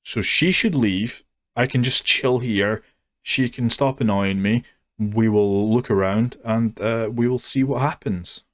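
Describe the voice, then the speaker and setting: A man with a lowish voice speaks at a measured pace, delivering a sarcastic, mocking rant about a show. He's a YouTube reviewer giving a ranting review.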